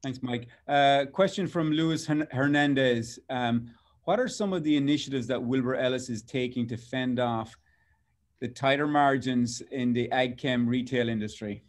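An Irish man moderating a panel discussion. His pitch is mid-range, and he speaks casually and haltingly as he reads out questions from the audience.

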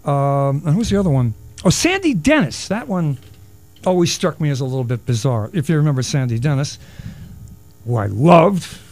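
A man's voice: fairly high pitch, sing-song, normal speed, a little mellow. Wisecracking male radio talk host. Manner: rambling, wisecracking, self-mocking. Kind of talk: solo radio talk, taking calls. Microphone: studio broadcast mic.

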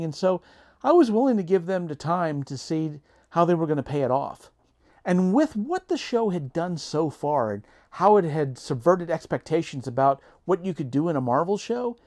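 A man's voice: on the high side, darkish tone. A man vlogging an opinionated TV review monologue, earnest and emphatic, reasoning point by point.

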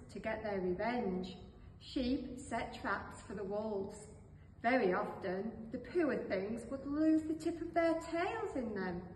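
Woman reading a christmas-ish storybook slow, kinda high voice, big echoey hall, mic far off. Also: slight background noise. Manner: slow, expressive. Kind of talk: storybook read-aloud.

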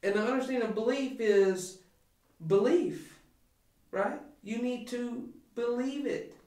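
A man's voice: very high-pitched, unhurried, distant mic. Emphatic man preaching in an echoey room. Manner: animated, emphatic preaching with many restarts. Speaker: pastor. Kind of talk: podcast sermon talk.

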